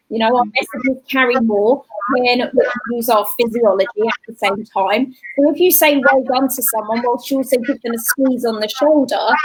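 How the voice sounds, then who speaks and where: Woman, high-pitched, slightly husky, casual interview advice. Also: low-quality recording. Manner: warm practical advice, mimics sing-song voices. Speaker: guest, children's coach. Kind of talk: casual explanatory interview talk.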